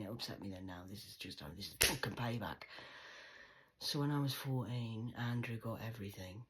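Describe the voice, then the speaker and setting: A woman's voice: very deep voice, slightly rough. A woman in her forties telling a personal story in an agitated, profane monologue, often dropping to a whisper. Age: 40s.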